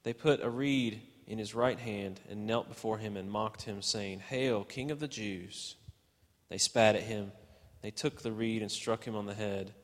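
Male lay reader, low voice, deliberate, echoing church. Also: fairly even intonation. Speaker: scripture reader. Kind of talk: liturgical scripture reading. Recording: long church reverb.

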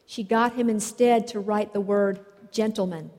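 A woman preaching a sermon, telling stories in a slow, measured way. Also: medium pitch, fairly even intonation, darkish tone. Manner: slow, measured storytelling delivery. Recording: long reverb of a large hall.

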